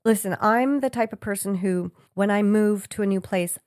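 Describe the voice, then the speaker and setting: A woman co-hosting a podcast in casual chat, telling stories in an animated, blunt way and swearing freely. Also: mid-range voice, normal speed, dry recording, studio quality. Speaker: podcast co-host.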